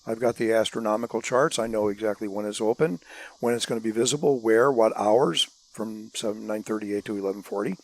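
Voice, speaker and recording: A man as a guest in a casual podcast chat, blunt and animated, a self-described curmudgeon. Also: lowish voice, brisk, no room sound, rough recording.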